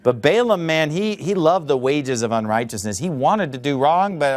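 A man's voice: on the high side, animated, normal speed, hardly any pauses. A man preaching a sermon, speaking emphatically, drawing out key words and addressing the listeners directly as folks. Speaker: pastor.

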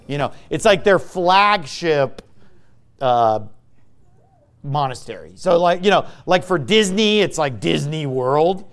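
High-voiced pastor preaching a combative sermon. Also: male voice, slow, clear, resonant tone. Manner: lively, swings between loud and quiet.

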